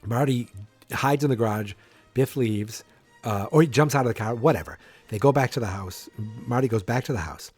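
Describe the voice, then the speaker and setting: A man's voice: mid-range voice, normal speed, darkish tone, husky, no echo, soft background music. A man hosting a solo podcast, rambling and interrupting himself as he acts out scenes. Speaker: podcast host.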